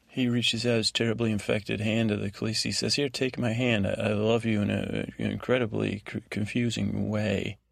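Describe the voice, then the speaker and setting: Gravelly, meandering male podcast host. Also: fairly low pitch, no echo. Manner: meandering, halting, full of restarts and asides. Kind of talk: rambling bedtime recap of a TV episode.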